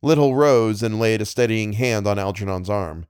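Measured man narrating horror fiction. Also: lowish voice, a little mellow, smooth, dry recording, studio quality. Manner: measured, dramatic. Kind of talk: scripted horror fiction reading.

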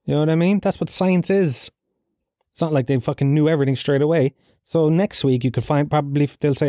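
An Irish man rants through a solo podcast, cursing freely and laughing at his own lines. His voice sits mid-pitch with a warm, mellow tone. The sound is dry and close. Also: steady tone, normal speed, no room sound. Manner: profane, ranting, laughs at own jokes. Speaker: podcast host.

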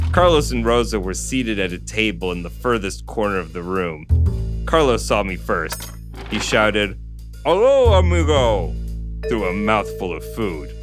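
A man co-hosting a casual podcast, reading a novel aloud and chatting, with playful asides and frequent laughter. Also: lowish voice. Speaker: podcast co-host and reader.

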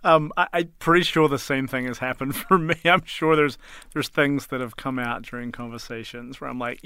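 A man's voice: medium pitch, steady tone, moderate pace, sharp tone, clear, resonant tone, dry recording. A man, a host's husband, chatting mildly with jokes and hesitant restarts. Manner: mild, joking, hesitant. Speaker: podcast guest, host's husband. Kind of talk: casual chat.

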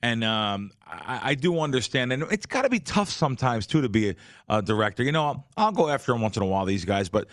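A man's voice: medium pitch, sing-song, fast talker, no echo. Male guest, longtime bettor, emphatic and rambling, dry close studio sound. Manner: rambling, emphatic, many fillers. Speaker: veteran sports bettor guest. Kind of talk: casual storytelling conversation.

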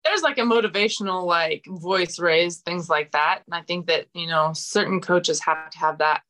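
A woman's voice: on the low side, fairly quick, a bit bright. A woman in her forties, a guest fighter talking frankly in a casual interview, with many fillers and restarts. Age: 40s.

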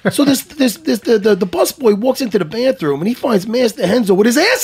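A man's voice: very high voice, animated, normal speed, gravelly. A man hosting a podcast, telling a story animatedly, swearing often and laughing his way through it.

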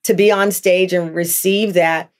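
Animated, earnest middle-aged woman. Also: on the low side, a little slow. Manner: earnest, animated storytelling with acted-out quotes. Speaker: guest, talk show host. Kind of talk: podcast interview.

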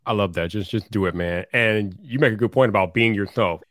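A man in his forties hosts a podcast with an energetic, emphatic delivery and casual slang. He talks quickly, and the sound is close and dry. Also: on the low side, no room sound. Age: 40s. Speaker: podcast host.

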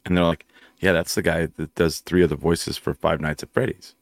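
Man, middle-aged, very low voice, dry close sound, animated storyteller, casual swearing. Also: brisk, gravelly, no echo. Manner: animated anecdote-telling with swearing. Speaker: podcast host.

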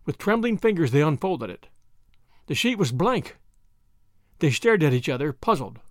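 A man narrating an audiobook in an expressive storytelling manner. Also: fairly high pitch, normal speed, dry recording, clean studio sound. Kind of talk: scripted narration.

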